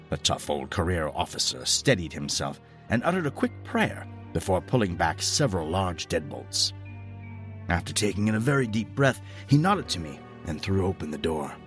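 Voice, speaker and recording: A man narrating a horror story in a dramatic, expressive storytelling style. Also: sits low. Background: faint music.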